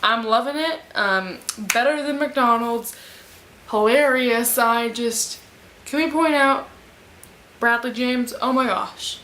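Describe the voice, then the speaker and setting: Young female book vlogger, high pitch, slow excitable fangirl chatter, roomy echo. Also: slight background noise. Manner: gushing, excitable fangirl chatter with gasps and squeals. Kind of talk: casual vlog chat.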